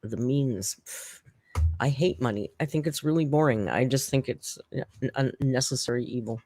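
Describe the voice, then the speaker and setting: A woman's voice: very deep voice, moderate pace, dark tone, slight background noise. A middle-aged woman chatting casually and emotionally on a live stream, rambling and laughing often. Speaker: streamer host.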